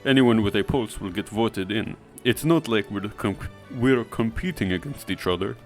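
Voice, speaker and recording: A man voicing a cold, aloof young male snowboarder in a put-on Russian accent, curt and loud. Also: on the low side, normal speed, faint music behind, lightly acted. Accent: fake Russian.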